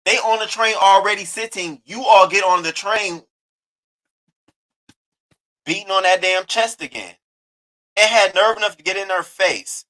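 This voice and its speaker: A male host giving casual commentary, blunt and indignant and never shy of swearing. His voice sits a little high, with a bright, forceful edge. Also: unhurried, long pauses, low-quality recording. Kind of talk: casual commentary reacting to a video.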